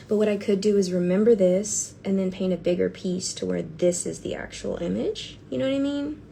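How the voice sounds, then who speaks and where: A woman chatting casually on a livestream while she paints, gushing, excitable and bursting into squeals, then dropping to whispers. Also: medium pitch, moderate pace, gravelly, slight background noise.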